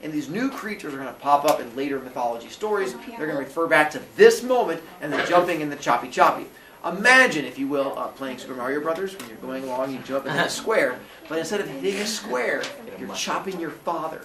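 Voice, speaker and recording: A man's voice: fairly high pitch, fast talker, recorded from a distance. A man telling a myth to a class in a jokey comic storytelling style, slipping into voices. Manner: animated, jokey, puts on voices. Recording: roomy echo, voice from afar.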